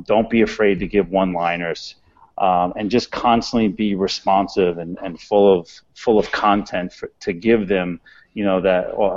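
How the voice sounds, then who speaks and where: A man's voice: on the low side, darkish tone. A man from New York with a New York accent, a restaurant owner talking bluntly and rambling with many restarts in an interview. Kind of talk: casual interview talk. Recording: dull, muffled sound.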